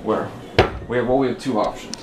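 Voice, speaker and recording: A man bantering with his wife in the family kitchen, teasing in a dry, deadpan way. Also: medium pitch, a little fast. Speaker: husband in family vlog. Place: home kitchen. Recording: roomy distant kitchen with noise.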